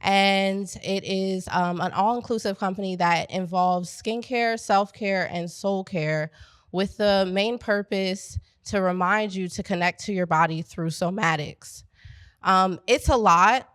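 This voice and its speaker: A middle-aged woman from Pennsylvania, a business founder, telling a lively story to a live audience and talking straight to the crowd. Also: medium pitch, unhurried, clear, resonant tone, dry recording. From Pennsylvania, USA. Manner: animated, chatty, addresses the crowd directly. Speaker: business founder speaking at an event. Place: event space at a coworking venue.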